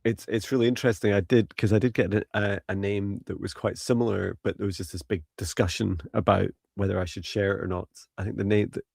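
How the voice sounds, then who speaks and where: Gravelly low-voiced man, dry sound. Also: fairly even intonation, fast talker, few pauses, a little mellow, dry recording. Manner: hesitant, many fillers and restarts; laughs lightly at his own slips. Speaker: psychic reader and co-host. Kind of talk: live-stream psychic reading.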